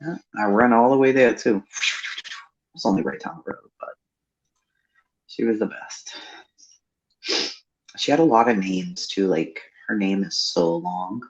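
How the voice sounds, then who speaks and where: A woman's voice: a bass voice, a little slow, pauses often. A woman hosting a livestream chat, swearing freely and laughing as she tells family stories over a video call. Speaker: livestream host. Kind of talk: casual chat. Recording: dull lo-fi stream audio.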